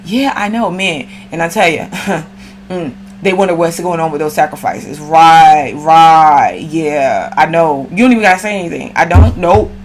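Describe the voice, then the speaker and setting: Woman doing a chill slangy astrology read, lowish voice, talks right at you. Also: a little slow, a little hiss or hum. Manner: slangy, chatty, addresses viewer directly. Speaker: astrology reader. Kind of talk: casual astrology chat.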